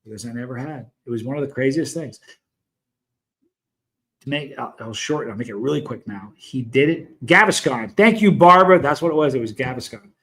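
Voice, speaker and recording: A man's voice: mid-range voice, lively intonation, fairly quick, fairly bright tone. A middle-aged man hosting a hot sauce live stream, chatting casually with viewers and telling long, rambling stories full of asides. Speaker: hot sauce show host.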